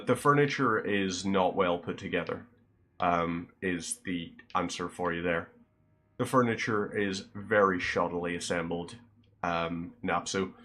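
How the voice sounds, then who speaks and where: Male streamer, low voice, rambling casual chat, dry self-deprecating humor. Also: a bit bright, a little hiss or hum. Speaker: livestreamer.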